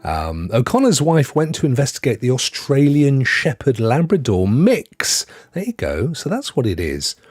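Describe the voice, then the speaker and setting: A man's voice: medium pitch, wildly swooping pitch, normal speed, hardly any pauses, darkish tone, husky, no echo, clean studio sound. A middle-aged man hosting a live stream, chatting casually with rambling asides and frequent laughs as he reads out good news stories.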